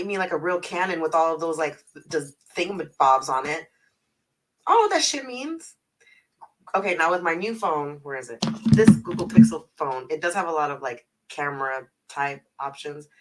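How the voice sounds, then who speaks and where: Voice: mid-range voice, fairly bright tone, recorded from a distance, low-quality recording. A speaker from the north side of Houston with a Houston Texan accent, rambling through a casual livestream chat with lots of 'like', free swearing and frequent laughs. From north side of Houston, Texas. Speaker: livestreamer and travel agent. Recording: voice a little off-mic.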